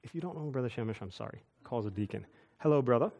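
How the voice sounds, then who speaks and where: A man preaching a sermon, telling church stories with quick asides and chuckles. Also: fairly low pitch, creaky. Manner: animated storytelling with asides and chuckles. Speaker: pastor. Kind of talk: storytelling sermon.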